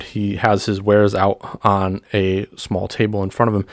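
A man with a fairly low voice narrates as game master, calling for rolls and setting scenes at a steady pace. The sound is dry and close to the mic. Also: moderate pace, few pauses, no room sound.

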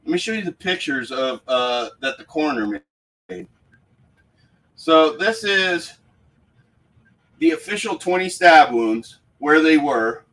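A man's voice: a little high, expressive, slow pace, long pauses, a bit bright, far from the mic, low-quality recording. A man hosting a casual live stream from a room at home, fired up and profane, talking into his phone. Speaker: paranormal livestream host.

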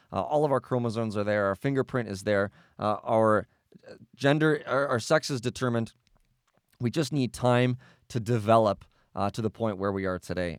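A man co-hosting a podcast, acting out an analogy as a lively story with quoted voices. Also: medium pitch, dry recording, studio quality. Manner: animated, acts out quoted voices. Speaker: pro-life podcast co-host. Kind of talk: storytelling an analogy in casual discussion.

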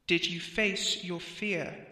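A hulking unseen presence , as a woman narrator puts it on, speaks with a slow, probing, echoing voice. The sound hangs in a long, roomy reverb, and the tone stays bright. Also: lowish voice, fairly even intonation.

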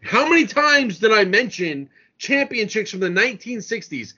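A man's voice: high voice, very animated, moderate pace, sharp tone, breathy edge. A man co-hosting a podcast, ranting and mocking in profane sports banter. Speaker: podcast co-host. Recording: lo-fi podcast recording.

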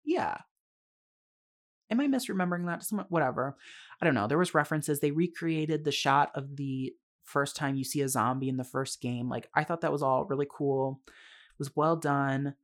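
A young adult hosting a casual solo podcast about a film, talking in a chatty, candid way. The speech is full of fillers and quick asides, with free swearing and frequent bursts of laughter. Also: medium pitch. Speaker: podcast host.

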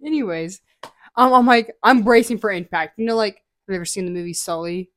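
A young woman co-hosting a podcast, telling a story in a lively way and acting out the voices in her tale. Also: mid-range voice, brisk, no room sound. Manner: animated storytelling with shrieking acted-out quotes. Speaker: podcast co-host. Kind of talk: casual chat.

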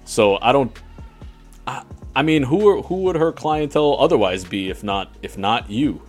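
A man hosting a casual podcast, relaxed and profane, often hedging with "I don't know.". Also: mid-range voice, normal speed, faint music behind. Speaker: podcast host. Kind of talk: casual chat.

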